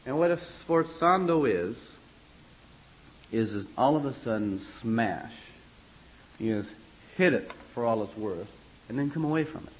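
A man teaching singing to a choir class talks about vocal expression in a rambling, conversational manner, with fillers, restarts and spelled-out musical terms. His mid-range voice is animated but a little slow, with frequent pauses. The lo-fi recording has a little hiss or hum.

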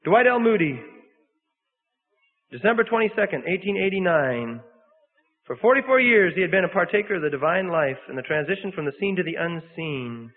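High-voiced preacher in an echoing hall. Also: male voice, lively intonation, a little fast. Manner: earnest, with self-corrections and repeats. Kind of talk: sermon reading an account aloud. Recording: tinny phone-like sound in a reverberant hall.

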